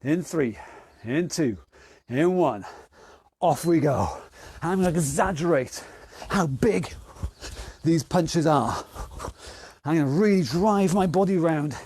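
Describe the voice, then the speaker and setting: Male home-workout coach, winded and chatty, slightly high pitch, dry garage recording. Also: animated, slow pace, pauses often, darkish tone, breathy edge, dry recording. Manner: jokey, rambling coaching with countdowns. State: out of breath. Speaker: fitness instructor. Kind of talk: online workout class.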